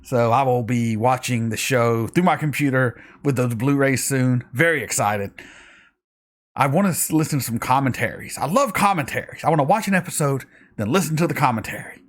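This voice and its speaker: A man hosting a reaction video, recapping an episode in a fast, rambling, excitable way while tired from a night shift. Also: medium pitch.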